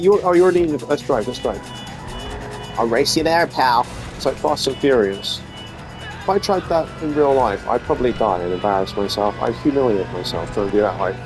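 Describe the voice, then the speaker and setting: A man giving goofy, rambling commentary while playing a game, swearing freely. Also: medium pitch. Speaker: gaming video host. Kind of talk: casual gameplay commentary. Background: game music and sounds.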